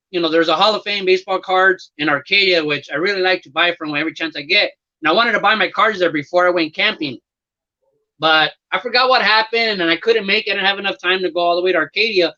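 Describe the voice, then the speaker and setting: A man's voice: sits high, bright, forceful tone, dull audio. A man chatting casually about collecting trading cards, rambling and laid-back with lots of fillers. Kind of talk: casual chat.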